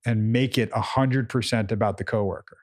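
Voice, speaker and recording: A man's voice: lowish voice, steady tone, brisk, no room sound, studio quality. A man co-hosting a casual chat, explaining his coaching approach emphatically and often repeating words as he thinks. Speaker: podcast co-host, coach.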